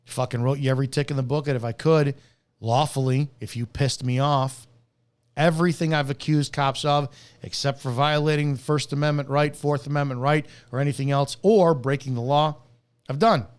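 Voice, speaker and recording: A man's voice: mid-range voice, steady tone, moderate pace. A man who is a former police officer, hosting a live stream and delivering an angry, profane commentary rant.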